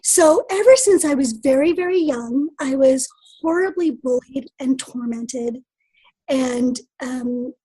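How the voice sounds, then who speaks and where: A woman's voice: high-pitched, slow pace, mellow, breathy edge, rough recording. A woman from the American Midwest, a podcast guest, earnestly telling her personal story. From Midwest of the United States. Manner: earnest, reflective.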